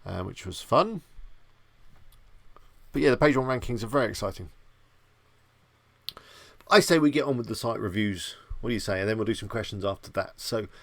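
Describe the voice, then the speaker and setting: A man with a low, gravelly voice chats his way through a live stream in a loose, rambling style. He addresses viewers directly and keeps the tone relaxed and easygoing. The sound is dry and close, with no room echo. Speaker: livestream host. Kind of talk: casual live-stream chat.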